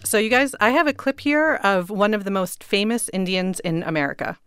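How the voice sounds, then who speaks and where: A woman's voice: medium pitch, brisk, a bit bright, clean tone, no echo. Upbeat woman moderating a panel. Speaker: host.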